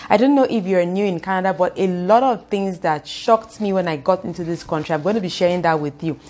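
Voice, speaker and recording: A young Nigerian woman with a Nigerian accent, talking fast and expressively to camera in a casual vlog. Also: fairly low pitch. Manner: fast-talking, expressive, acts out quoted voices. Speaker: YouTuber.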